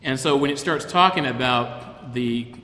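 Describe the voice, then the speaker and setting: A man teaching an informal Bible class, thoughtful and halting, often restarting his sentences. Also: medium pitch, bright, forceful tone, slight background noise. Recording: echoey room with long reverb.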